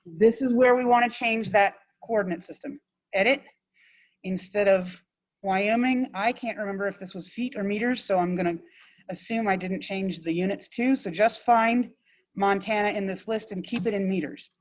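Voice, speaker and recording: A woman instructor giving a classroom software demonstration, blunt and informal, with quick asides to her students. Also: medium pitch, poor audio. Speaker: GIS instructor.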